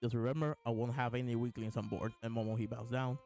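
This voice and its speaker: A man's voice: mid-range voice, level tone, fast, creaky, darkish tone, faint music behind. A man hosting a live reaction, reading lines aloud between laughs and restarts. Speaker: host reading and reacting to a comic chapter. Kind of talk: casual live reaction chat.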